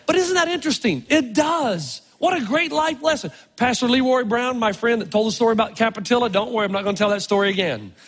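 A man preaching a sermon, telling stories with animated, drawn-out emphasis in a large church. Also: very high voice, husky. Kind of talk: sermon with storytelling. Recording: long reverb of a large hall.

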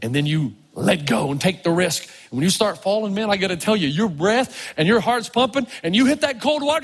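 A male pastor preaching a storytelling sermon, animated, swinging from low murmurs to loud exclamations, with a husky voice. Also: brisk, hardly any pauses. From Tennessee. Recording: long reverb of a large hall.

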